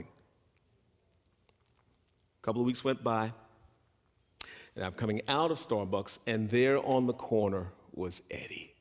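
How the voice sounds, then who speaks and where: Speaking slowly with long pauses, a pastor with an animated, darkish voice delivers a storytelling sermon, and a long reverb tail trails his words. When quoting the people in his stories, he performs their voices at a higher pitch.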